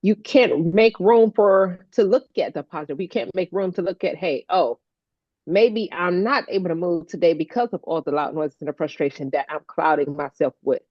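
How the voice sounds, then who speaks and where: A lively woman with a lowish voice, chatting warmly and laughing often. The recording is dry and a little dull, as if made on a modest mic. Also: normal speed, dry recording. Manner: animated, playful, laughs often. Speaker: co-host, stroke survivor advocate. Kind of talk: casual heartfelt chat.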